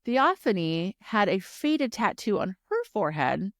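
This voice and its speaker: A woman co-hosting a casual book-club podcast, recapping the plot in animated, profane storytelling. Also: medium pitch, measured pace, dry recording, studio quality. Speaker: podcast co-host.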